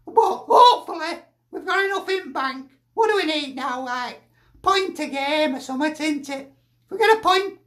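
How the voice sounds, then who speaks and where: A man's voice: extremely high pitch, a bit bright. A man voicing a sweary, exasperated older northern aunty, a football fan with a Lancashire accent, ranting and sighing in a comic video. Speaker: football pundit persona.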